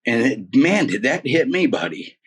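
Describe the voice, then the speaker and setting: A man's voice: mid-range voice, very animated, moderate pace, slightly rough. A man in his forties telling his story as an interview guest in a casual, emphatic way, dropping "man" and "dude" often. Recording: voice a bit far from the mic.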